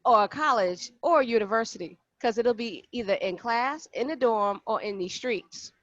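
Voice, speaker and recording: A woman's voice: on the high side, normal speed, fairly bright tone, dry recording. A woman co-hosting a podcast, chatting casually and backing up her co-host's points. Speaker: podcast co-host. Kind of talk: casual chat. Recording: dull, dry lo-fi sound.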